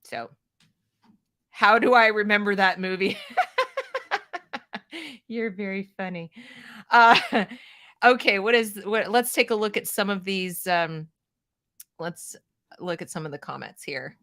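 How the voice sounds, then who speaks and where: A middle-aged American woman hosting an opinionated commentary show, talking in an animated, sarcastic way and reading out viewer comments. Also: mid-range voice, slow, long pauses. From United States. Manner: animated, sarcastic, mimics people in mocking voices. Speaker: show host.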